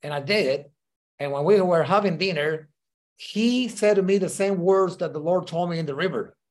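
Speaking at normal speed, a man who is a ministry leader shares his story as a podcast guest in a casual interview. His voice is a bit higher than typical for a man, and he fills pauses with many "uh"s while imitating the voices of people he quotes.

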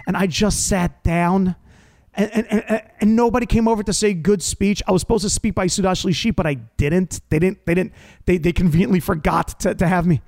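A rabbi from New York telling a funny story in a casual chat, animated and laughing, acting out other people's lines. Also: male voice, high-pitched, moderate pace. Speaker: rabbi and podcast host.

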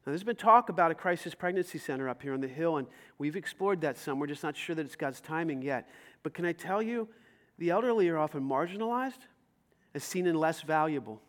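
A man preaching a sermon as pastor, telling stories with lively acted-out dialogue and rising to loud emphasis. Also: a little high, a little fast. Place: church sanctuary.

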